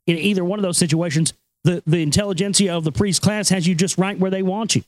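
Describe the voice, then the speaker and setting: A male talk show host reads the news and riffs on it in a loose, profane, rambling way. His voice sits fairly high for a man. The sound is close and dry, with no room echo. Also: steady tone, fast. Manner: profane, rambling, laughs often. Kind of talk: casual talk and news reading.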